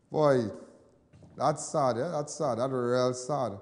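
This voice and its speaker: A Trinidadian man hosting a news show, telling personal stories in casual commentary, animated and then low and soft when sad. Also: extremely slow, long reverb tail. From Trinidad and Tobago.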